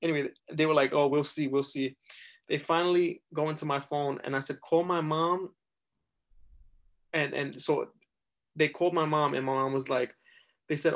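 A man's voice: on the high side, moderate pace. A man, a podcast guest telling a story casually, rambling and leaning heavily on filler words. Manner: rambling, heavy use of "like", lively retelling.

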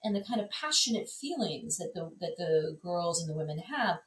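A woman with a low voice speaks as a guest critic in an unscripted conversation. She is animated and full of fillers and restarts. Her voice sounds echoey and a little far from the mic. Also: moderate pace. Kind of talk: casual conversation. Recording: echoey room, distant mic.

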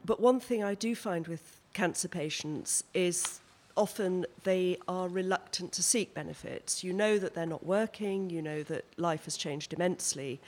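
A woman who works with cancer patients, speaking earnestly and emphatically on a panel. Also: fairly low pitch. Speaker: cancer care worker. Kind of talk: panel discussion.

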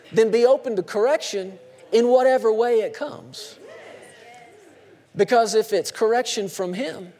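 A male pastor preaching a sermon with emphatic, dramatic swings between hushed lines and shouts. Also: high voice, long reverb tail.

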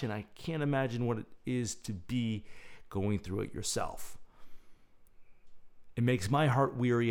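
A man hosting his own show, speaking in a reflective, lyrical monologue with thoughtful pauses. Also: medium pitch, darkish tone. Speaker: podcast host.

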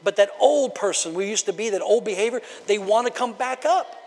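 A man pastor preaching a conversational sermon from the platform, building into shouted bursts. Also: high-pitched, expressive, a little fast. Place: church sanctuary. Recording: long hall reverb of a church.

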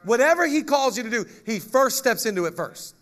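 A male pastor preaching a lively sermon, joking with the congregation and reading scripture aloud. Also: very high-pitched, a little fast.

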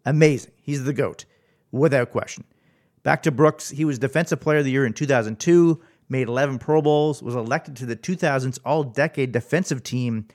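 A man with a Canadian accent hosting his podcast, upbeat and easygoing, laughing readily with his guest. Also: mid-range voice. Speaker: podcast host.

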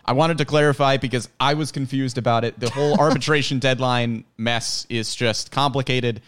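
Male podcast co-host, earnest explainer with a joking streak, clear resonant voice. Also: mid-range voice, steady tone, moderate pace, few pauses, fairly bright tone. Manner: earnest, explanatory with playful asides. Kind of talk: casual sports podcast chat.

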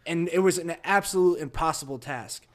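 A man's voice: fairly high pitch, brisk. A man in casual chat, rambling and restarting his sentences as he recalls boot camp.

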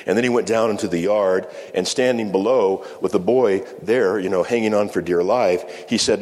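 A male pastor giving a sermon, speaking in measured phrases with slow, emphatic pauses. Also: on the low side, a little mellow. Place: church sanctuary. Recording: long reverb of a church hall.

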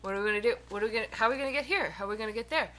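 A woman's voice: fairly high pitch, sharp tone, slight background noise. A young woman from the US East Coast, co-hosting a podcast in casual chat, telling stories and laughing easily. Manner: storytelling, quick to laugh. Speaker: podcast co-host.

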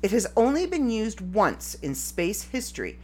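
A woman's voice: mid-range voice, very animated, a little slow, darkish tone. Giggly woman podcast host. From Canada. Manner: rambling and giggly, breaks into fits of laughter. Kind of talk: casual solo podcast chat.

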